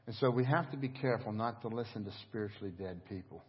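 A middle-aged man preaching a sermon as pastor, telling stories in an animated, conversational way. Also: on the low side, fast, slightly rough. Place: church service. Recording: dull echoing church hall audio.

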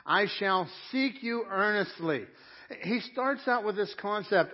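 A man's voice: high-pitched, animated, a little slow, lo-fi sound. A man preaching a sermon as pastor, asking the congregation direct questions and often repeating words as he goes. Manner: repeats words and restarts phrases.

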